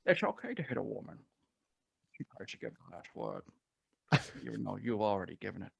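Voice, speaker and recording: Man impersonating an older film star, low quiet murmur, slow, dry sound. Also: sing-song, vocal fry, husky, no echo, exaggerated voice. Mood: smug.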